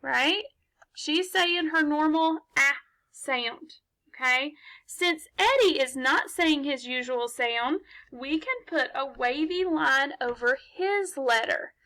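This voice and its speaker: A woman teaches young children phonics over a laptop mic. Her voice sits high and bright, and she moves slowly and patiently. She poses questions and answers them herself in an encouraging way. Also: lively intonation.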